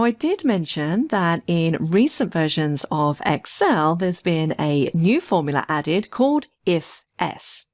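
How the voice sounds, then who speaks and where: A woman instructor narrating a screen-recorded software tutorial, explaining each step patiently. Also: lowish voice.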